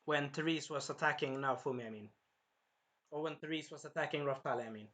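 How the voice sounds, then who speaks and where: A man recapping and reviewing an anime episode in a rambling, self-correcting way, with a sore throat that he keeps clearing, acting out the characters' lines. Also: fairly high pitch, a little fast, a bit bright. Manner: rambling, jumps around and corrects himself, acts out characters' lines.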